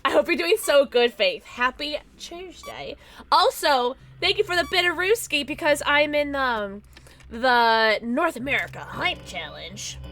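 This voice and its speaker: A woman's voice: high voice, very animated, a little slow, pushed and bright, soft background music. A woman streaming a horror game live, chatting to viewers and squealing when startled. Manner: jumpy, squealing when scared, talks to chat. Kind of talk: live gameplay chat.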